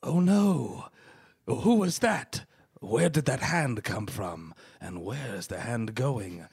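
A man improvising a self-important amateur theater actor who speaks in grand, drawn-out declarations. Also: mid-range voice, lively intonation, vocal fry, darkish tone, husky, pitched below the performer's own voice, heavily acted. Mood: grandiose. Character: pompous grandiose male community-theater actor. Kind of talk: improvised comedy scene.

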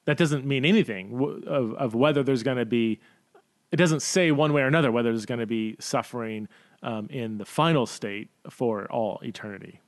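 A man's voice: mid-range voice, normal speed, no room sound. A man hosting a Q&A podcast, thinking aloud with lots of fillers and restarts and stumbling over words. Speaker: podcast host. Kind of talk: casual Q&A podcast talk.

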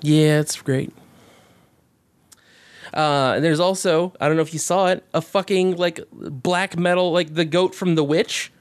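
A man co-hosting a podcast, talking about games in a fast, rambling way, swearing often and getting excited. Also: fairly high pitch, smooth, no room sound. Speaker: podcast co-host. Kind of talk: casual chat.

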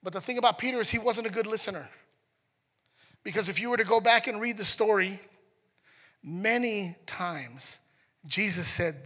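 A man preaching a sermon in a conversational, animated way, acting out scenes as he goes. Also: sits high, moderate pace, pauses often, big-room sound. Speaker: pastor.

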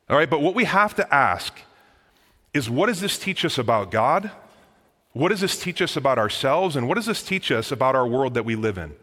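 A man preaching a sermon as pastor, in a lively, conversational manner that often addresses the listeners as guys. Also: mid-range voice. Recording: long reverb of a large hall.

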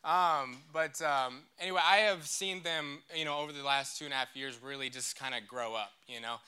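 A man's voice: medium pitch, normal speed, bright, forceful tone, clear, resonant tone. A young man giving a casual, joking sermon in church and leading the crowd in call-and-response. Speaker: church speaker.

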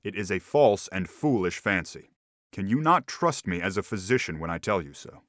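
A man voicing a calm, condescending physician husband who soothes and patronizes. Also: sits low, normal speed, no echo, studio quality. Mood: soothing.

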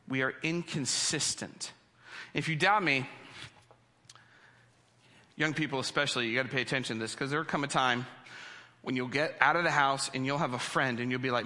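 A middle-aged man preaching a sermon, teaching in a playful, animated way and drawing the congregation into call-and-response. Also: high-pitched. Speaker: pastor. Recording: long hall reverb.

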